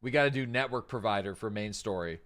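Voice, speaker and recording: A man's voice: lowish voice, quick pace, fairly bright tone. A man streaming a game live, thinking aloud in casual chat, rambling with plenty of fillers.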